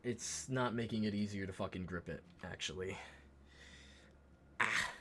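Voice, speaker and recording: Low-voiced casual streamer, swearing freely. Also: male voice, a little slow, a little hiss or hum. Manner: relaxed, swears often, talks to chat while working; mutters softly while concentrating. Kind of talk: casual live-stream chat while painting miniatures.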